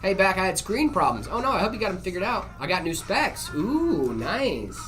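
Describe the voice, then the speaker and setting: A man's voice: high-pitched, normal speed, faint music behind. A man hosting a live stream, casually answering viewer questions with lots of "uh" and "um" and easy jokes. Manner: relaxed, full of "uh" and "um" fillers, jokey.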